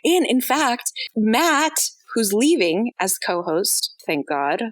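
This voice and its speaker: A woman's voice: a little high, big pitch swings, slow pace, no room sound. A woman co-hosting a podcast, chatting casually and bantering with mock indignation and plenty of swearing. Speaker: podcast co-host. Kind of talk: casual chat.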